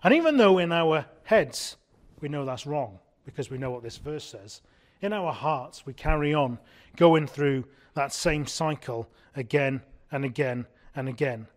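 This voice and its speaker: A man with a slightly higher voice delivers an evening sermon to a congregation. He speaks earnestly and with emphasis, slowing down to land his key words and repeating them for weight. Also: lively intonation. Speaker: preacher.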